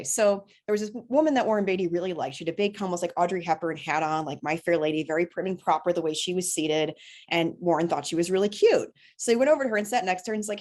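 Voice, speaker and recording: A woman from New York with a somewhat low voice. She tells an anecdote as a podcast guest, lively and chatty, and acts out the voices of the people in it. She is heard through a podcast mic. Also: fast talker. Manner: lively storyteller who acts out voices, frequent laughs. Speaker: filmmaker guest. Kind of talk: conversational anecdote.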